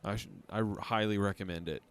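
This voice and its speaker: A man's voice: on the low side, steady tone, fast, crowd noise. A man hosting a podcast, chatting casually and hesitantly, with frequent fillers. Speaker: podcast host. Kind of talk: casual chat.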